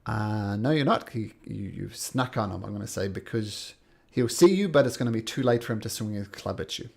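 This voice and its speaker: Animated, gravelly male game master. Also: on the low side, fairly quick. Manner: upbeat, laughing narration. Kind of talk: running a tabletop game.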